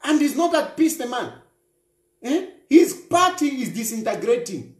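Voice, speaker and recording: A man's voice: very high-pitched, sing-song, a little slow, reverberant. A Zambian man giving political commentary, mocking and hammering away with repeated rhetorical questions. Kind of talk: opinionated online commentary.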